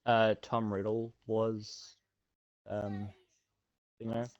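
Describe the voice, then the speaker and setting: A co-host chatting casually alongside a reading, drawling, distracted and laughing along. The talk comes slowly, and the sound is dry and close. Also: mid-range voice, little pitch movement, no echo, dull audio. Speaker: co-host reacting. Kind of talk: casual reaction chat.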